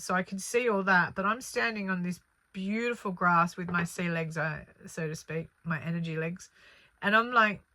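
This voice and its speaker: Female spiritual storyteller, low-pitched but bright voice, earnest and animated, dry close recording. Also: dry recording. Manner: earnest, animated retelling with many fillers. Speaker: spiritual channeller.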